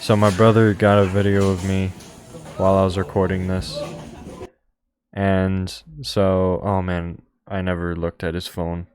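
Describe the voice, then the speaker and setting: A man's voice: low voice, level tone, measured pace. A young man hosting a streamer podcast, chatting casually and rambling with lots of fillers and restarts. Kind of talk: casual chat.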